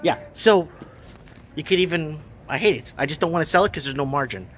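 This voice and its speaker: A man's voice: on the high side, animated, fairly quick. A man in his thirties, a vlogger and shop owner, rambling and exasperated as he talks casually in his shop under renovation, repeating himself. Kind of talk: casual vlog rant.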